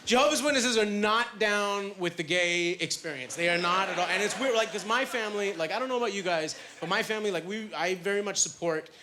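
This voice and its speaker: A man's voice: high voice, fairly quick, hardly any pauses, noisy background. A man in his thirties from Canada doing a stand-up comedy set, telling chatty, self-deprecating stories full of fillers. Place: comedy club stage with a live audience. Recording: live club recording with loud crowd laughter.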